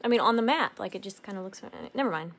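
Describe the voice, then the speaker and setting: Woman, casual live co-host, chatty and quick to laugh. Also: medium pitch, lively intonation. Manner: chatty, laughs often, reads viewer comments aloud. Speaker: craft channel co-host. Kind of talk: casual livestream chat while crafting.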